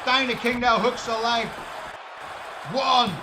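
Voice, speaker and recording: A man calling a wrestling video game match, getting loud and swearing at big moments and laughing through the calls. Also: very high voice, flat delivery, slow, crowd noise, noisy background. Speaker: play-by-play commentator. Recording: roomy sound with loud music behind.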